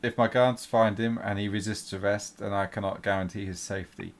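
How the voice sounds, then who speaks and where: A man's voice: on the low side, level tone, brisk, crowd noise. A man acting as game master, narrating a tabletop game and voicing its characters, hesitant with many fillers. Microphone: home microphone on an online stream.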